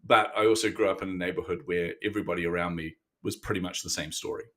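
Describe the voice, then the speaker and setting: A man's voice: low voice, steady tone, fast talker, fairly bright tone. A fifty-something man from New to match. He tells his own story as a podcast guest, candid and self-deprecating, often laughing at himself. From New Zealand. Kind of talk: interview storytelling.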